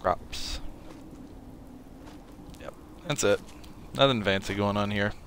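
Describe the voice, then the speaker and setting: A man's voice: lowish voice, slow pace, a bit bright, slight background noise. A man giving casual, rambling commentary while playing a game and chatting. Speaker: gameplay streamer.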